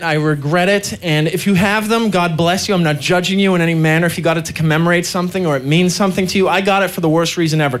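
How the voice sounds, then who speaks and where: A man performing a stand-up routine, telling self-mocking stories in an animated way. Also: high voice. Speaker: stand-up comedian.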